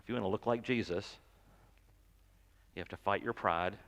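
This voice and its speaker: A man's voice: on the low side, moderate pace, fairly bright tone, big-room sound. A pastor giving a sermon in a conversational, joking way, often repeating words as he goes. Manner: conversational, self-deprecating, stammers and repeats words. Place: church sanctuary.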